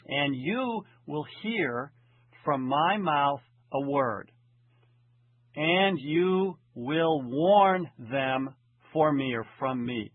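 A man teaching a lecture, translating a text verse by verse in a deliberate, methodical way and slowing down to read the original lines. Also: expressive, slightly rough, dry recording. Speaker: Hebrew Bible teacher. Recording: tinny phone-like low-fidelity audio.

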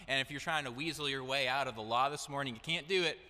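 Young male preacher, earnest sermon delivery, bright tone, long hall reverb. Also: medium pitch, quick pace. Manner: earnest, direct, building to emphatic declarations. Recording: echoey hall.

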